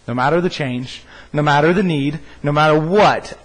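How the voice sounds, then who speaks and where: A pastor preaching a sermon, repeating a scripture line slowly and emphatically, with frequent restarts. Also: male voice, mid-range voice, long reverb tail, poor audio. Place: church stage.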